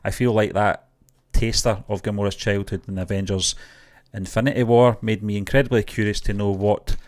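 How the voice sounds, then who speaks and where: Lower-voiced man giving measured opinions. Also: steady tone. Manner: measured, hedged opinions with fillers. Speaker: co-host of a movie news show. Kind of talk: casual podcast chat.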